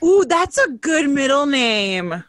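Woman cohost, chatty, laughs a lot, kinda high voice. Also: sing-song, slow, fairly bright tone, dry recording. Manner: chatty, laughs often, trails off. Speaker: podcast co-host. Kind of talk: casual chat.

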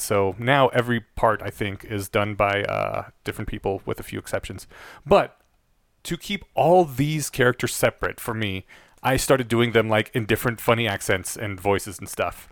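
A man's voice: fairly low pitch, big pitch swings, a little fast, a bit bright, dry recording, studio quality. A man co-hosting a podcast, telling a story in a chatty way with easy laughter and many restarts. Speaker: podcast co-host. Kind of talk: casual podcast chat.

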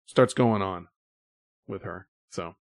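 A man's voice: deep voice, slow, creaky, no room sound, studio quality. A man hosting a podcast in casual chat, rambling with many fillers as he sets up stories. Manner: rambling, filler-heavy storytelling. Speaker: podcast host.

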